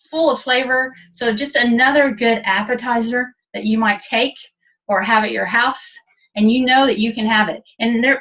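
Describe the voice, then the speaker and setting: A woman's voice: on the high side, a bit bright. Chatty woman demonstrating cooking, distant mic. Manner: chatty, practical step-by-step instruction. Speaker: cooking instructor. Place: kitchen. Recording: distant, dull webinar audio.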